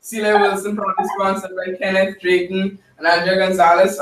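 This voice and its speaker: A man's voice: high voice, monotone, normal speed, a bit bright, a little hiss or hum. Upbeat chatty man, roomy and distant. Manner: upbeat, chatty, with many fillers. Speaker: team member giving a report. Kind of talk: casual group meeting report. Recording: echoey room mic from afar, light ambience.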